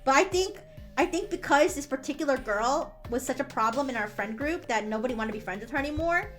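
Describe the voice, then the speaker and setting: A woman's voice: sits high, expressive, quick pace, a bit bright, faint music behind. A woman streamer telling a story in casual chat, rambling, restarting often and swearing freely.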